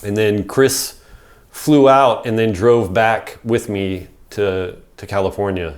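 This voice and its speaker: A man's voice: lowish voice, steady tone, slow pace. A middle-aged man, a podcast guest, telling a casual story in a rambling way, full of "like" and swearing.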